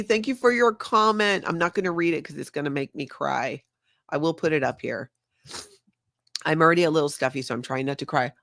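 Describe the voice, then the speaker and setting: A woman's voice: sits low, fairly bright tone, dry recording, studio quality. Chatty older woman hosting a livestream. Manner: chatty, laughs often, reads viewer comments aloud. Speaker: livestream host. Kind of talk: casual livestream chat.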